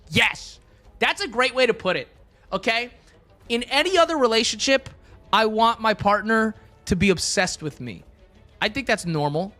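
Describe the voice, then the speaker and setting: High-voiced man rambling casually on stream. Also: pushed and bright. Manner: rambling, joking, answers chat, many fillers.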